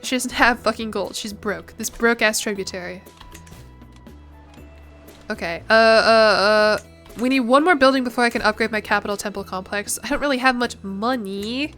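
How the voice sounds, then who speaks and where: A woman's voice: on the high side, brisk, few pauses, pushed and bright, soft background music. A young woman in her twenties, chatting casually and rambling as a streamer while she plays, swearing now and then. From United States. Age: 20s. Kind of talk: casual chat while gaming.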